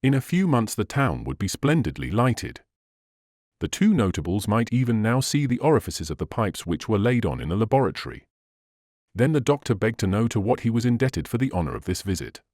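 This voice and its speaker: A man narrating a classic novel as an audiobook in an expressive storytelling manner. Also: fairly low pitch, fairly quick, no echo, studio quality.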